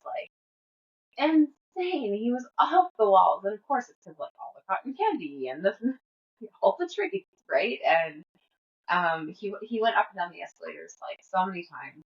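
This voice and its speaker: A woman's voice: medium pitch, big pitch swings, moderate pace, dull audio. A woman in her thirties, a podcast host, talking through her day in a rambling, casual diary style with lots of fillers. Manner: rambling, chatty, with frequent fillers and laughs. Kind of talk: casual personal diary monologue.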